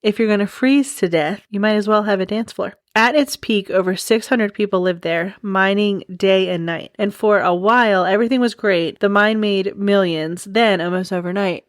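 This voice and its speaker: A woman's voice: medium pitch, moderate pace, hardly any pauses, dry recording, studio quality. A woman in her forties hosting a podcast, telling stories in a chatty way, with wry asides and frequent giggles. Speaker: podcast host. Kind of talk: casual storytelling podcast.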